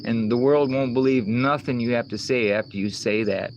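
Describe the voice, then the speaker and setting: Reading chat outside among the insects, the host rambles on and curses while replying to comments. His mid-range voice moves at normal speed with few pauses, though the recording is muffled and the background noisy.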